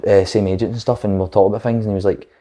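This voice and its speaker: A man's voice: fairly low pitch, steady tone, racing, dark tone. A young Scottish man, a footballer guest in a casual chat, telling stories full of swearing and acted-out quotes.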